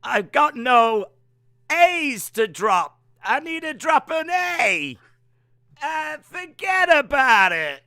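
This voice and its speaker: A man doing a put-on Boston accent, playing a brash, showy Boston guy with dropped R's and a loud, drawn-out delivery. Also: extremely high pitch, big pitch swings, no echo, studio quality, voice pushed up, heavily acted. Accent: mock Boston, dropped R's.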